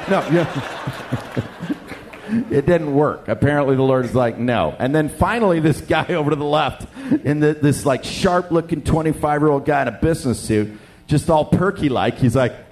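Animated middle-aged pastor from Canada. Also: male voice, a little high, normal speed, a little hiss or hum. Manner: animated, jokey, acts out dialogue. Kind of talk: sermon storytelling.

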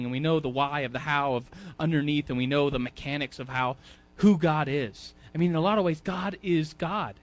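Man, fairly high voice, casual church teaching, repeats words, asks the room questions. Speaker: Sunday school teacher. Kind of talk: casual sermon. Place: church classroom.

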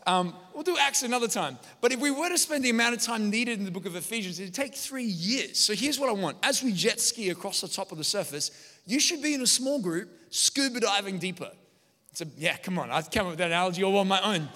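A man, a pastor preaching a sermon with energetic, joking storytelling. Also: high voice, quick pace, long reverb tail. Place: large church hall.

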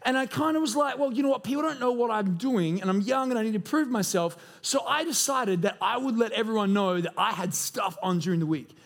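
A man's voice: high voice, fairly quick, vocal fry, few pauses. A man in his thirties preaching a sermon as lead pastor, earnest and conversational, telling stories from his own life. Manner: earnest and conversational, with storytelling asides. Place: church auditorium.

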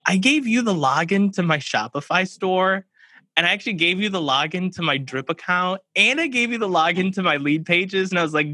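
A man talks casually as a guest on a podcast, and he turns his stories into little scenes by acting out the dialogue. His voice is bright and forceful. It sits a little high, and the sound is dry and close. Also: moderate pace, no room sound. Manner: animated storyteller who acts out dialogue. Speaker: podcast guest, children's book publisher.

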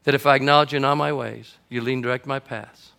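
A man preaching a conversational sermon to his congregation, building from quiet reflection to loud, emphatic passages. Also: medium pitch, steady tone, fast, creaky, clear, resonant tone. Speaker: pastor.

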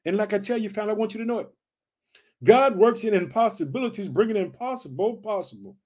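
A man's voice: high voice, fast, darkish tone. A man preaching a fervent sermon, repeating phrases and calling out to his listeners as family. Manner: fervent, repetitive call-and-response preaching.

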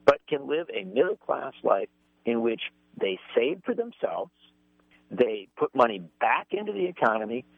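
A man's voice: mid-range voice, no room sound. A man appearing as a political commentator on talk radio, making emphatic points with rising stress. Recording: phone line.

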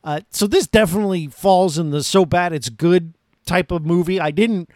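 A man's voice: high-pitched, normal speed, darkish tone, no room sound, studio quality. A man hosting a podcast, reviewing a movie in a casual, rambling, self-mocking way. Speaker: podcast host.

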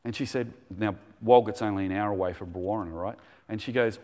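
A man's voice: lowish voice, quick pace, a little mellow, long reverb tail. A man preaching a sermon in a conversational, enthusiastic way, telling stories as he goes.

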